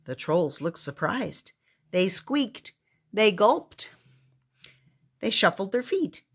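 An older woman reading a picture book aloud, with expressive storybook narration. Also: medium pitch, slow, slightly rough.

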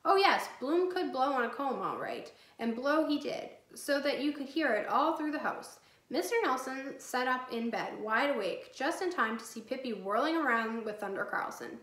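A woman teacher reading a chapter book aloud to her class in a clear, steady storytelling voice. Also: high voice, moderate pace. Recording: echoey room.

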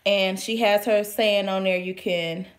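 A woman, chatting casually and excitedly through a product unboxing, with playful slang and sudden whispered asides. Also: medium pitch, a little slow. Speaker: vlogger reviewing products.

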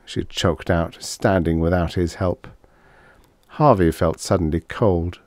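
A man reading vintage science fiction aloud as an audiobook narrator, with expressive, dramatic storytelling. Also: low-pitched, unhurried, no room sound, clean studio sound.

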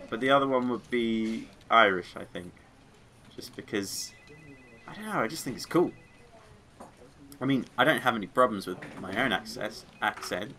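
A man gives offhand let's play commentary in a bright, forceful voice, pitched in an ordinary middle register. He talks casually and rambles, drifting from the game into side topics before pulling himself back. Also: normal speed. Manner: rambling, chatty, easily sidetracked; sings along to music. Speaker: gaming video creator.

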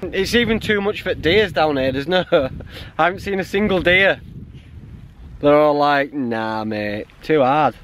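A man's voice: a little high, normal speed, a bit bright. Brief: male hiking vlogger, chatty and self-mocking, faint wind outdoors. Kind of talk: casual vlog narration while hiking. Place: outdoors on a mountain trail. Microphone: handheld camera.

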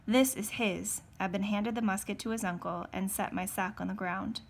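Role: teacher. Style: reading a novel aloud. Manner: steady, occasional self-corrections. Pitch: medium. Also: female voice, brisk, vocal fry.

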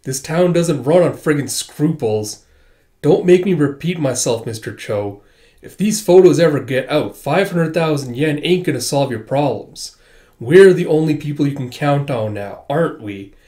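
A cruel, cool-headed female fixer from a comic, read aloud by a man. She drawls out her threats slowly in a somewhat high voice, with calm menace behind every word. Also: natural voice. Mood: menacing.

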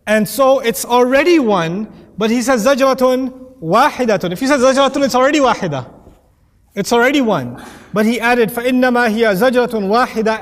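A man giving a conversational Quran commentary lesson, joking and acting out quoted voices. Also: very high-pitched. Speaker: Quran teacher. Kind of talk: lecture-style Quran commentary. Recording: long hall reverb.

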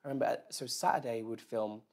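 This interview guest is an Englishman telling rambling, self-deprecating stories full of "like" to a live audience in an event room. He talks fast at medium pitch, with noticeable vocal fry.

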